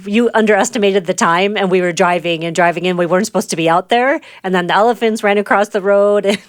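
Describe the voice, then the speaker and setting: A woman's voice: medium pitch, fast talker, dry recording, clean studio sound. A woman co-hosting a radio talk show, chatting casually and laughing easily. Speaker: radio co-host.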